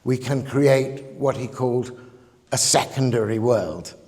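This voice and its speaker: A man's voice: medium pitch, measured pace, darkish tone. A man giving a public lecture in a reflective, digressive way, often chuckling at his own points. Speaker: guest lecturer. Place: conference hall. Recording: long reverb of a lecture hall.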